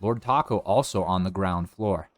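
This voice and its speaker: A man's voice: moderate pace, no room sound. A young man streaming a video game, chatting and joking as he commentates, with a habit of goofy voices. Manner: chatty and jokey, with excited high outbursts; does goofy put-on voices. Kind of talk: live gameplay commentary.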